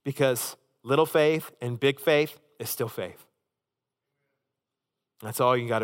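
A man preaching a sermon as pastor, impassioned, swinging between loud urgency and hushed intensity. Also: mid-range voice, takes it slowly, pauses often, clear, resonant tone, long reverb tail.

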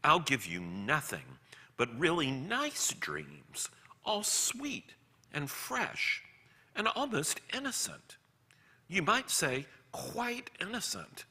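A man's voice: medium pitch, huge pitch swings, slow pace, sharp tone, husky, long reverb tail, full character voice. A man voicing a sly, pleading male lizard demon that coaxes and slips into whispers. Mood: wheedling. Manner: coaxing, slipping into whispers.

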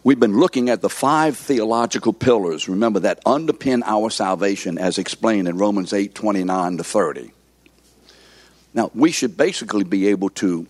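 A man preaching a sermon in a teaching manner, slowing down to stress key words and quizzing his listeners. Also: lowish voice, no echo. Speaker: pastor.

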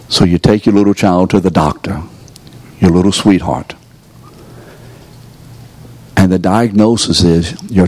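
With a low, husky voice, a man preaches to a live audience in a room. As a preacher teaching a course, he presses his listeners with rhetorical questions and draws answers out of them in this sermon.

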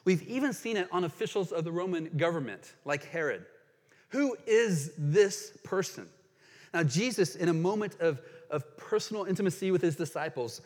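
A man delivers a sermon from the pulpit, his voice sitting a little higher than most men's. He speaks with earnest emphasis and leans into quoted passages, while a long reverb trails behind every phrase in the large room. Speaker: pastor.

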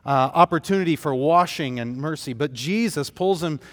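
A man's voice: a little high, moderate pace, big-room sound. A man preaching a sermon as pastor, telling the story in an earnest, emphatic way.

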